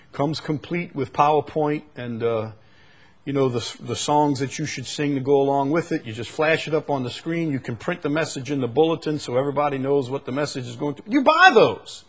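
A middle-aged male preacher giving a sermon, shifting from quiet musing to loud, emphatic outbursts. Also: on the high side.

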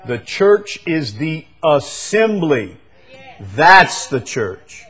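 Man preaching a sermon, husky voice, very slow, emphatic with loud high bursts. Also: sing-song.

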